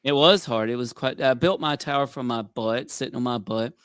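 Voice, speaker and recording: Smooth, dry-voiced man chatting. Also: mid-range voice, a little fast, a bit bright, no echo. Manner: friendly, enthusiastic. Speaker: guest contestant. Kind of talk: casual chat.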